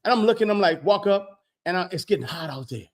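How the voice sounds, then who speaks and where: Talking fast in a high voice, a man vlogs a casual story with animated energy. He reenacts conversations with plenty of "I said, he said" and repeats words when he gets excited.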